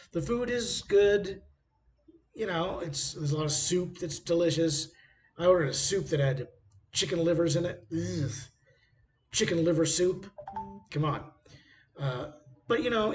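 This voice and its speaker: A man's voice: on the high side, a little hiss or hum. A man vlogging casually from a hotel room by a busy street, rambling through travel anecdotes with frequent hesitations.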